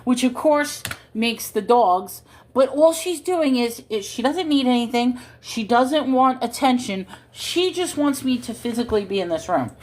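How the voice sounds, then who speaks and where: A woman's voice: a little high, lively intonation, a little slow, darkish tone, a little hiss or hum. A woman hosting a casual livestream from home into her phone, rambling to viewers and chatting to her cat. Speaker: livestream host.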